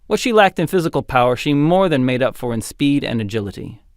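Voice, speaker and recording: A man narrating a fantasy audiobook in an expressive, dramatic storytelling style. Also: mid-range voice, fast talker, dry recording, studio quality. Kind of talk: scripted narration.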